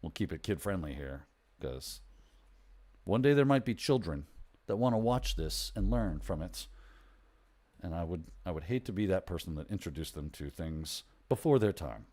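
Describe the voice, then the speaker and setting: Man, livestream host, casual chat, rambling, self-correcting, animated pitch. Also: normal speed.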